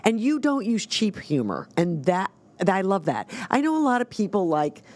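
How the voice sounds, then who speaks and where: A woman's voice: mid-range voice, very animated, normal speed, a little mellow, no echo. A woman hosting a podcast, chatting with guests in an effusive, upbeat way. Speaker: podcast host. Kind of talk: casual chat.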